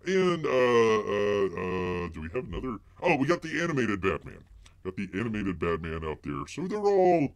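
A man's voice: lowish voice, very animated, normal speed, dry recording. A man hosting a live-stream news commentary, rambling and mocking, full of filler words, who speaks of himself in the third person. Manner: heavy filler words and restarts.

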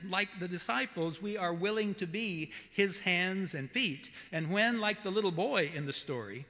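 Pastor, male, Southern accent, high bright voice, earnest measured sermon, long church reverb. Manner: earnest, measured preaching with emphatic repetition. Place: church sanctuary.

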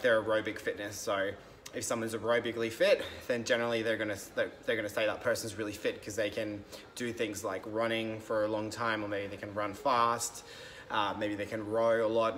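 A man's voice: medium pitch, fairly bright tone, slight background noise. Casual man explaining fitness with many ums. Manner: loose and conversational, many ums and restarts. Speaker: fitness coach. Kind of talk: casual explanatory talk to camera.

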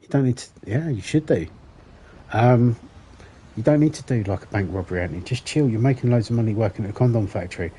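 Over slight background noise, a fast-talking man with a mid-range voice and dark tone streams a game. He keeps up a casual, rambling chat with viewers, joking, swearing often and laughing at his own gags.

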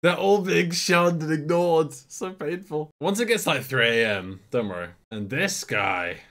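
A young man making his way through a reaction video, cracking jokes and laughing between lively asides. His voice swoops up and down freely, with show music faint behind him. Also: a little high, measured pace. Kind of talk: casual reaction commentary.

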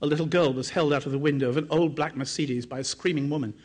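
A man, an author and journalist, reading excerpts from his own book aloud in a measured, dramatic way, raising his pitch for quoted speech. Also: steady tone, darkish tone.

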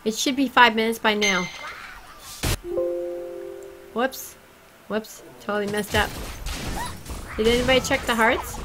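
A woman chatting casually and excitably with her viewers while she plays a game on a livestream. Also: on the high side, measured pace, pauses often, music in the background, poor audio. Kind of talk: casual gaming livestream chat.

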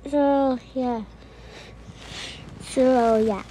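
A woman's voice: sits high, steady tone, drawn-out words, dark tone, a little hiss or hum. A woman doing casual, homemade cartoon voice acting in a chatty, hesitant way. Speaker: amateur animator voicing a cartoon.

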